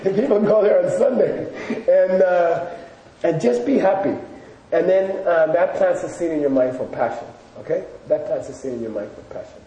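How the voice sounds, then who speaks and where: Mellow-voiced man teaching in an echoey room. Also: high-pitched, expressive, normal speed. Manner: storytelling, loose and chatty with fillers. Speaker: Buddhist teacher. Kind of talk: casual lecture to a live audience. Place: room with a live audience. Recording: echoey room, distant mic, faint noise.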